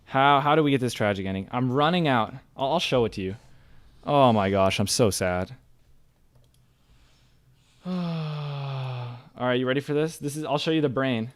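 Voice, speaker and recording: A young man streaming a game, talking through his play with excitable, ranting frustration. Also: medium pitch, moderate pace, pauses often. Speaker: gaming streamer. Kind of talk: live gameplay commentary.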